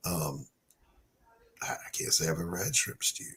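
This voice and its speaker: A man hosting a casual live chat, talkative and quick to laugh. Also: sits low, lively intonation, bright, forceful tone, slightly rough. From Southern United States. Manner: chatty, laughs easily. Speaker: livestream host.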